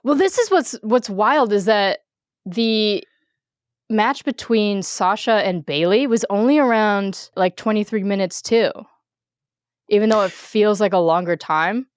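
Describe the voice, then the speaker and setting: A woman's voice: mid-range voice, measured pace, clean tone, dry recording, studio quality. A woman co-hosting a wrestling podcast in easygoing, teasing casual chat. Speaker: podcast co-host.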